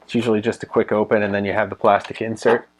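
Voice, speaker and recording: A man giving a casual unboxing review of a collectible statue, relaxed and full of ums and uhs as he handles it. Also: lowish voice, fast, a little hiss or hum. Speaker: toy reviewer.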